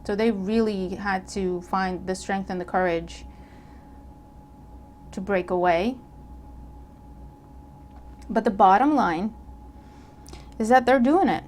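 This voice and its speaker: A woman reads tarot cards for her audience in a casual, animated voice at a middle pitch. She checks in often and repeats her points. A faint hiss sits under her voice. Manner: animated, acts out imagined dialogue; checks in with listener, repeats herself. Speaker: tarot reader. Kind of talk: casual tarot reading to camera.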